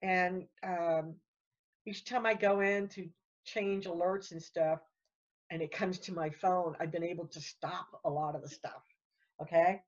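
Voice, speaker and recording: A woman's voice: on the low side, steady tone. Woman, guest in casual chat, rambling, repeats herself, dull lo-fi sound. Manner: rambling, repeats words, talks fast when worked up.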